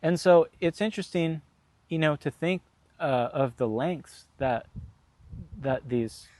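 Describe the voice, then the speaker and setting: A man's voice: fairly high pitch, takes it slowly, a little mellow, no echo. A man vlogging in a casual, rambling storytelling monologue, frank and profane, full of fillers.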